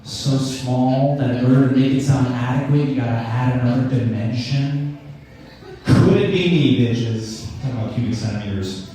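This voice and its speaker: A man's voice: mid-range voice, moderate pace, warm tone, soft background music. A young man doing a rambling, self-deprecating stand-up comedy set with stammered restarts. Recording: echoey room, mic heard from a distance.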